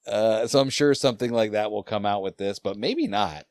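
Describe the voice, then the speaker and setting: Deep-voiced man in joking banter. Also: moderate pace, no echo. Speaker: podcast co-host. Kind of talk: casual chat.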